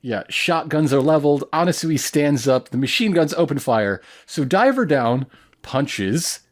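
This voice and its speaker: A man's voice: on the high side, expressive, unhurried. Rambling, joking male podcast co-host. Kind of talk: casual recap chat.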